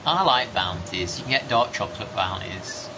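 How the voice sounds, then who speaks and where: A man's voice: on the low side, expressive, moderate pace. A man, rambling chattily through gameplay commentary with casual mild swearing. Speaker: gaming streamer. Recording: background noise.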